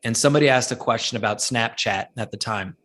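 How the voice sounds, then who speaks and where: A man's voice: mid-range voice, fast. A man, a guest speaker and author, telling stories in an interview, acting out the people he quotes and often restarting his sentences. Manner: animated storyteller, acts out quoted people, many restarts. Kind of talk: storytelling interview answers.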